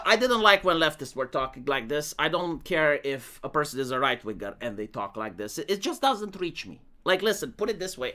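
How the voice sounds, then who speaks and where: A man with a Romanian accent gives casual commentary on viewer comments. His voice is bright and lively, and he swings his pitch freely. He leans on "like" and pauses while he thinks aloud. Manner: talks with many "like" fillers, reads comments out in a mocking voice. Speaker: commentary YouTuber.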